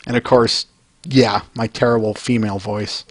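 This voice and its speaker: A man's voice: lowish voice, level tone, normal speed, no room sound. A man hosting a comic reading who talks casually to his viewers and often laughs. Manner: chuckles often, chatty asides to viewers. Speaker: host reading comics aloud. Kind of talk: casual chat.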